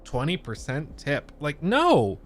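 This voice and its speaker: Streamer host, male, animated rant to chat, lively delivery over faint background music. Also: on the high side, slow pace. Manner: ranting, animated, reads chat aloud. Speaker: livestream host. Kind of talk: casual livestream chat.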